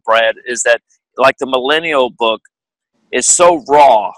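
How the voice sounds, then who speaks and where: Man, radio co-host, earnest and emphatic, sharp bright tone, dry close sound. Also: mid-range voice, slow pace, no room sound, low-quality recording. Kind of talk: talk show conversation.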